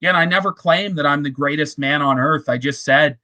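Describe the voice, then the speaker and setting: A man's voice: fairly high pitch, a little fast, pushed and bright, slight background noise. A man on a podcast, ranting crudely with heavy swearing in casual chat. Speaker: podcast co-host.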